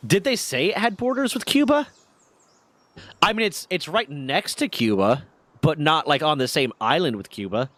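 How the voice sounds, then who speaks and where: A man hosting a casual stream, chatting with a co-host and reading chat aloud, joking and rambling with quick asides. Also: fairly high pitch, animated, a bit bright, dry recording.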